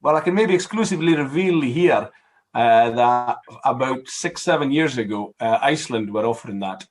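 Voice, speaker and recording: A middle-aged Scottish man, appearing as a guest MP in a casual political discussion, speaks at a normal speed with a medium-pitched, animated voice. He rambles, leaning on lots of fillers, restarts and wry asides.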